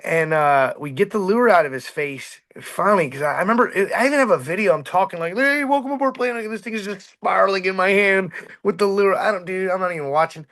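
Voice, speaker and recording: High-voiced animated boat captain. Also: male voice, fast. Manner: animated, acts out shouts and quotes. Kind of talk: casual storytelling on a podcast.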